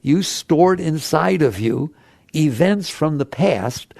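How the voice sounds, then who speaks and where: Male spiritual teacher, gravelly voice, dry close sound, chatty, full of rhetorical questions. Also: fairly high pitch, takes it slowly, darkish tone, dry recording. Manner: conversational, rhetorical questions, acts out inner voices. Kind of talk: spiritual talk to an audience.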